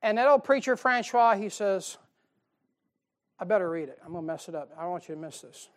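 A middle-aged male pastor preaching a sermon in his church in a folksy, joking way, moving between loud emphasis and quiet asides. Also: high voice, expressive, a little fast. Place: church sanctuary.

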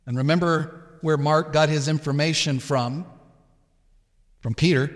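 Emphatic male pastor in reverberant church. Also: on the high side. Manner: emphatic, acts out Peter's protests. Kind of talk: sermon.

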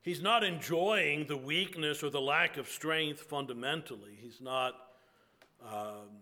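Slow, earnest male preacher. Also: fairly high pitch, sharp tone. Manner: earnest, reflective, with slow drawn-out pauses. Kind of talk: sermon.

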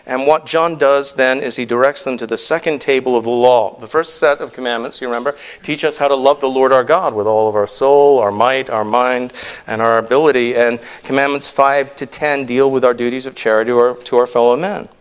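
A man's voice: mid-range voice, normal speed, smooth. A male pastor preaching a sermon in an earnest, emphatic way, full of rhetorical questions.

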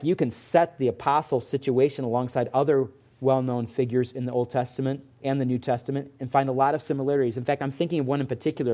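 A man's voice: mid-range voice, dark tone. A man pastor giving an expository sermon, earnest and emphatic.

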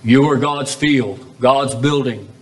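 A man preaching a sermon as pastor in a church chapel, drawing out key phrases with big swings up and down. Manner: preaching with sweeping pitch swings, drawn-out emphatic phrases.

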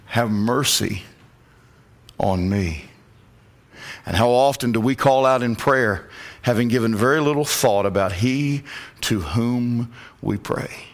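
A man preaching a sermon, praying and reading scripture, rising to loud impassioned calls. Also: medium pitch, normal speed. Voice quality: glasses-wearing reader of scripture. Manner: rises to loud impassioned calls when quoting.

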